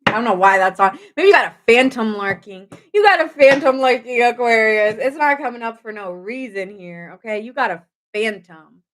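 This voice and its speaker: A woman's voice: medium pitch, moderate pace, a bit bright, a little hiss or hum. Woman tarot reader, casual late-night reading, playful and jokey, mid-range voice. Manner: goofy and chatty, jokes and giggles often.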